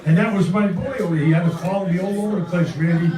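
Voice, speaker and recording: A man's voice: sits high, very fast. An older man from Brooklyn, a former ballplayer trading brash, profane jokes on stage at a club event. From Brooklyn, New York. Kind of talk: joking banter on stage. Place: club event room with audience. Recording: roomy hall, distant mic, crowd.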